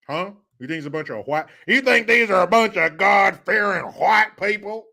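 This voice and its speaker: A man's voice: sits high, moderate pace, vocal fry, few pauses, bright, forceful tone. Profane, mocking male commentary host. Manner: mocking, profane, laughing often. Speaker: show host. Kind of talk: profane political commentary rant.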